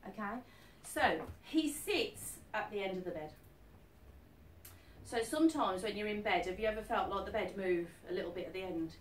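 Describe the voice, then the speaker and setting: A woman's voice: mid-range voice, normal speed. A woman working as a psychic medium, giving a chatty live reading to an audience and often asking if they follow. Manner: chatty, keeps asking "are you with me?". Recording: echoey room, distant mic, faint noise.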